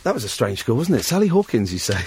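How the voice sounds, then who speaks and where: A man hosting a late-night radio phone-in from a studio, excitable and jokey, laughing often. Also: medium pitch, quick pace, slight background noise. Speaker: radio host. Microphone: studio microphone.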